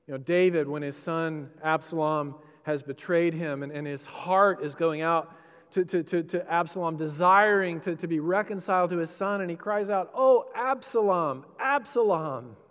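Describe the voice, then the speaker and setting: A man preaching a sermon, swinging between loud, passionate emphasis and hushed, tender quoted lines. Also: on the high side. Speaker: pastor. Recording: long hall reverb.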